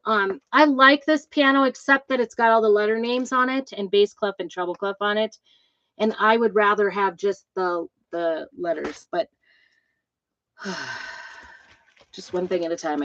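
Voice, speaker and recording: A woman casually showing off new craft designs, chatty and rambling, with lots of ums and asides. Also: on the high side. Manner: self-described trumpet player, fussy about instrument details. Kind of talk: casual show-and-tell vlog. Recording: dull, slightly lo-fi dry recording.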